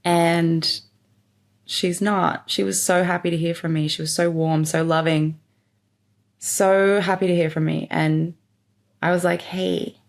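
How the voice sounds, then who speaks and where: A woman's voice: lowish voice, little pitch movement, unhurried. A young woman podcast host candidly telling her life story in a rambling, open way, full of fillers. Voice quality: gravelly. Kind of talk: personal storytelling monologue.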